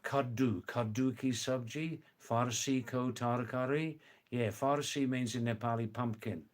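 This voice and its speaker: A man, hosting a casual livestream and chatting slowly, mixing in words from other languages. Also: mid-range voice, steady tone. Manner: slow, chatty, sprinkles words from several languages. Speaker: livestream host.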